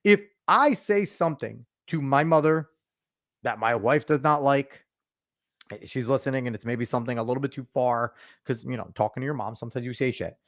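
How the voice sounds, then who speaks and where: A podcast host with a medium-pitched voice, talking a little fast, rants bluntly and swears plenty. In casual commentary, he lectures his listeners with real emphasis.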